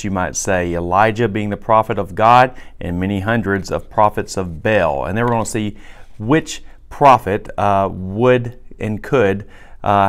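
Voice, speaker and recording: A male pastor with a fairly low voice preaches in a relaxed, conversational way. He reads scripture aloud and stops often to explain it in plain words. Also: clean tone. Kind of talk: recorded sermon teaching.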